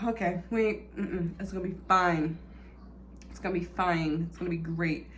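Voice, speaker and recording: A young woman, vlogging a food review, dramatic and chatty, swinging from loud squeals to low mutters. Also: steady tone, normal speed. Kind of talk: casual food-review vlog.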